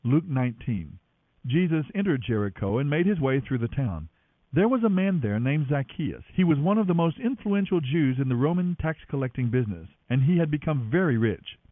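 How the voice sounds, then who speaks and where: An expressive man reading scripture with a lively, rising and falling delivery. The recording is dry and narrow, like it comes through a telephone. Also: medium pitch, moderate pace, no echo. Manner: expressive, voices each speaker. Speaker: Bible reader. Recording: dry, tinny phone-like sound.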